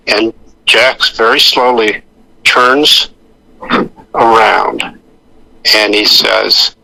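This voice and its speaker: Older male raconteur, gravelly and low, bright forceful edge, rambling anecdotes with acted-out quotes. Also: level tone, a little slow, rough recording. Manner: rambling, many restarts, acts out quoted voices. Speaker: actor guest. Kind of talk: anecdotal storytelling.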